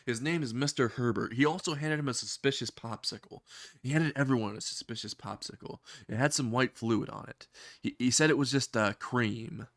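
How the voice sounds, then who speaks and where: A man casually narrating a crude comedy fan story, often chuckling at his own jokes. His voice sits at an ordinary pitch. The recording is dry and close. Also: normal speed, a bit bright, dry recording.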